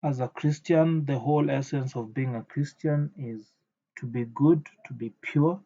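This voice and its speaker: A man giving an indignant reaction commentary, halting often with fillers, on a dull lo-fi recording. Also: medium pitch, warm tone.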